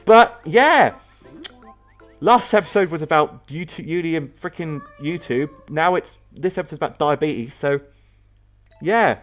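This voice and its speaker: Here the young man's voice sits fairly high and sounds expressive, moving a little slowly over soft background music. He's a gaming video host in his young adult years, giving rambling, chatty let's-play commentary full of fillers as he plays.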